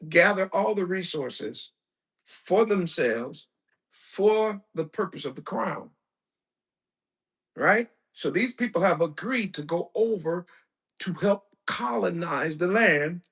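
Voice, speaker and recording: A male preacher giving a lecture-style sermon, emphatic, asking rhetorical questions and breaking into bursts of shouting. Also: high-pitched, expressive, takes it slowly. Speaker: preacher and teacher.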